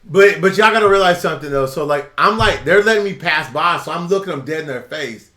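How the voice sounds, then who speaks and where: Man, Southern US accent, animated storyteller, high pitched, echoey room. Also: quick pace. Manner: animated, acts out quotes and laughs often. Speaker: channel host. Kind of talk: casual storytelling chat.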